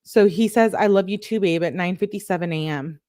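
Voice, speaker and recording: A woman's voice: lowish voice, a little fast, warm tone. A woman giving casual commentary as she reads text messages aloud, chatty and blunt with exasperated asides. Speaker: online commentator.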